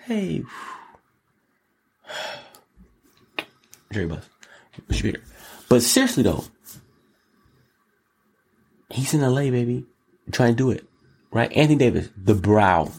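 A man hosting his own show, talking solo in an animated, exclamatory way, riffing and repeating words in long runs. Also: medium pitch, normal speed, pauses often, breathy edge. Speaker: show host. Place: Los Angeles.

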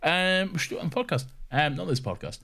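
A man's voice: fairly high pitch, big pitch swings, quick pace, vocal fry, sharp tone. A man co-hosting a casual podcast chat who rambles playfully and often loses his train of thought. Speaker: podcast co-host.

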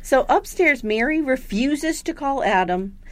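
Lively high-voiced woman telling stories. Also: unhurried. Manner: animated storytelling, acts out voices in high squeals. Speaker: podcast co-host recapping a TV episode. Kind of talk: casual chat.

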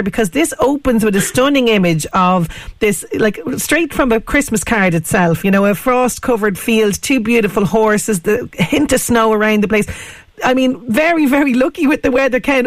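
A woman's voice: medium pitch, no echo. Enthusiastic woman radio host. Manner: enthusiastic, effusive praise. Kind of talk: radio interview chat.

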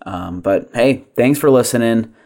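A man's voice: medium pitch, measured pace, darkish tone. A man hosting a podcast, talking casually with lots of fillers and self-deprecating jokes. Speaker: podcast host.

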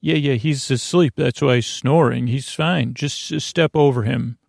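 A man's voice: medium pitch, normal speed, vocal fry, darkish tone, no echo, studio quality. A man voicing an eager young male rescuer who talks in an urgent, pushy way.

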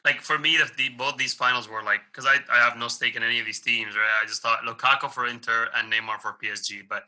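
Fast-talking man with a bright voice. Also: mid-range voice, fairly even intonation, poor audio. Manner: fast, chatty, casual slang. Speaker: podcast co-host. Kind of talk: casual football chat.

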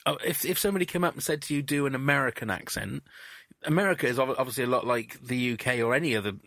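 A man hosting an interview, asking relaxed questions and joking with his guest. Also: mid-range voice, racing, dry recording. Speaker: interviewer host. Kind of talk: casual interview chat.

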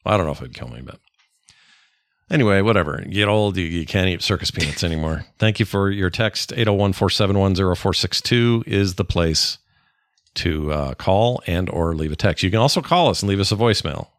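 Low and fairly quick, this father's voice is captured in clean, echo-free studio sound. He co-hosts a podcast with his daughter, a middle-aged man prone to casual rambling and mid-sentence self-corrections.

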